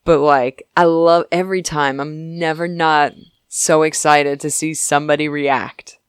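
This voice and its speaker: Giggly rambling woman, smooth dry voice. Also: deep voice, steady tone, no echo. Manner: giggly, rambling, puts on quick character voices. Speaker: podcast co-host. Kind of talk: casual chat recapping a TV episode.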